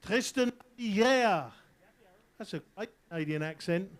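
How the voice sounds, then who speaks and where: An English man commentates live on a water ski event outdoors, joking with the crowd between jumps. His voice sits high for a man and rings out smooth and clear. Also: lively intonation, unhurried. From England. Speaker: event announcer. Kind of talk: live sports commentary over a PA.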